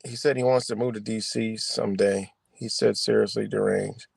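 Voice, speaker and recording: A man's voice: fairly low pitch, steady tone, moderate pace, vocal fry, a little mellow, breathy edge, no room sound. Profane, heated man ranting live. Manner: profane, confrontational, repetitive. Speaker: livestream host. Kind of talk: heated livestream rant.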